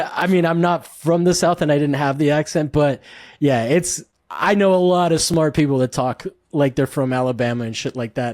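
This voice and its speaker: A man's voice: on the high side, a little mellow, no echo, clean studio sound. Rambling jokey man hosting a podcast. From Cuban heritage. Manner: rambling, jokey, many restarts. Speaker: podcast host. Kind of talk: casual podcast chat.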